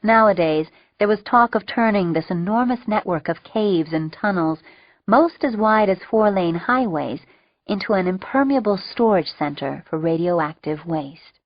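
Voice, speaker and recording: A woman narrating an audiobook with steady, wry storytelling. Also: mid-range voice, measured pace, no echo. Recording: dull lo-fi dry recording.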